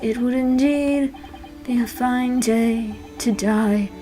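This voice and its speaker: A theatrical, despairing male detective, as a woman puts him on, declaiming every line with heavy gloom. The voice sits fairly high and moves slowly. Music plays clearly behind him. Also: fairly even intonation, warm tone. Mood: gloomy.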